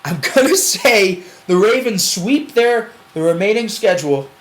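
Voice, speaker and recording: A man's voice: high voice, very animated, measured pace, low-quality recording. A man co-hosting a casual sports show, rambling through predictions and laughing while he argues. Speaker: sports podcast co-host.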